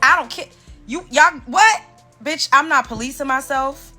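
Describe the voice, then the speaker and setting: A woman's voice: high voice, unhurried, faint music behind. A woman from New York with a Brooklyn accent, ranting heatedly and profanely about reality TV. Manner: profane, fiery, animated. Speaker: commentator. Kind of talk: heated rant reacting to reality TV clips.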